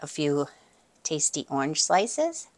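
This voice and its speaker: Woman cooking-channel host, slightly low voice, casual kitchen demo, friendly, talks to camera, murmurs "mm" while tasting. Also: very animated, slow pace. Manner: chatty, talks straight to viewers; savoring, with appreciative murmurs.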